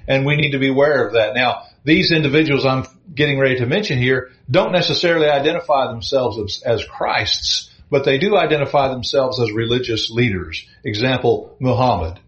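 A man preaching a sermon, reading scripture slowly and with emphasis between plain, earnest explanation. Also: mid-range voice, fairly bright tone. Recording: echoey dull room sound.

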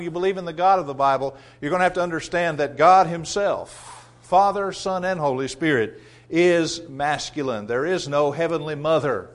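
A man delivering a sermon in a fairly high voice. He reads scripture with rising force and slows for emphasis, then drops his voice low for rhetorical questions to the congregation. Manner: drops to quiet rhetorical asides. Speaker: preacher.

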